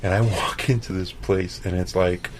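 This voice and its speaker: A man with a fairly low voice tells a rambling, animated story about a kitchen job. He swears casually, acts out other people's lines, and keeps checking in with his listener. A faint noise floor sits under the recording. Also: normal speed. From El Paso, Texas. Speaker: chef guest.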